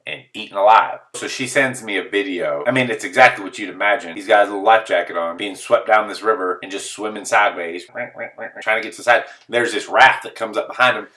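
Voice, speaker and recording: Animated man telling a story, slightly off-mic. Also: lowish voice, fairly quick, few pauses, recorded from a distance. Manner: animated, exaggerated disbelief, acts out quoted voices. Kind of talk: comedic storytelling monologue.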